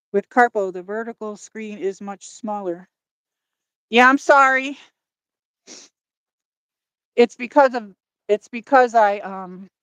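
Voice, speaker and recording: A woman's voice: mid-range voice, fairly bright tone, clean tone, dry recording. A woman hosting a livestream while walking outdoors by a lake, out of breath, rambling and apologetic as she talks to her chat through a phone on a gimbal. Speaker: livestream host.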